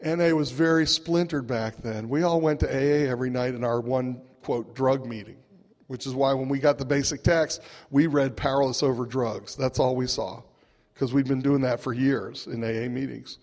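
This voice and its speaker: A man speaks at a recovery gathering in a wry, conversational way, chuckling through his story and tossing in little asides. His voice sits in an ordinary middle pitch. It rings out with the long reverb of a large hall, as heard through a PA microphone. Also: steady tone, moderate pace, a little mellow. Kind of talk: humorous personal storytelling talk.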